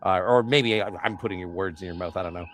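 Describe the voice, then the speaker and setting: A man chatting casually as a podcast co-host, animated, often slipping into quoted voices. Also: deep voice, quick pace, slight background noise. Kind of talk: casual conversational chat.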